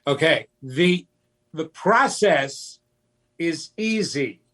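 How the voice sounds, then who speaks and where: A man talking as a guest in an interview, slow and emphatic, sometimes acting out childish voices. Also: fairly high pitch, lively intonation, pushed and bright. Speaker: psychic medium guest. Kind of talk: conversational interview.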